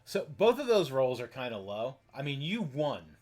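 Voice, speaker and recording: A man running an online tabletop game as game master, explaining rules in halting, rambling sentences full of fillers. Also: medium pitch, sing-song, darkish tone.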